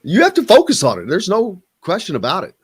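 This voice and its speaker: Male sports radio host, Southern Indiana accent, higher-pitched voice, excitable and chatty. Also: a little fast, husky. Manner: animated, excitable, hums jingles. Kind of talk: casual sports radio chat. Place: radio studio.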